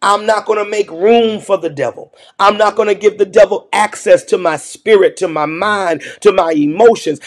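A male pastor delivers a morning devotional sermon in a fairly high voice. He speaks with emphasis and drives each point home by repeating his key phrases. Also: normal speed, few pauses. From United States.

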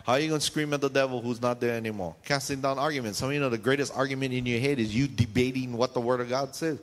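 A male pastor preaches with lively energy, firing rhetorical questions at his congregation and acting out shouted voices. His mid-pitched voice carries a long reverb from the church hall around him. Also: fast. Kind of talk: sermon. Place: church sanctuary.

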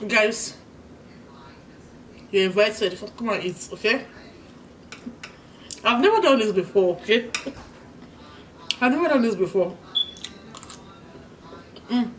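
A woman's voice: a little high, expressive. A woman from Nigeria with a Nigerian English accent, hosting a casual mukbang, telling a story while eating and humming over her food. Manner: chatty and storytelling, pausing to eat with hums of enjoyment. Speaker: vlogger, host of the channel. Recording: slightly distant mic with faint background noise.

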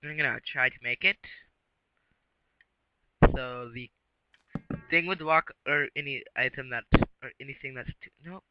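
A man's voice: medium pitch, unhurried, pauses often, highs cut off, background noise. A man giving rambling casual commentary while playing a game, chatting to creatures and swearing mildly under his breath. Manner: rambling, talks to game creatures, mild self-censored cursing. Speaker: gameplay video maker.

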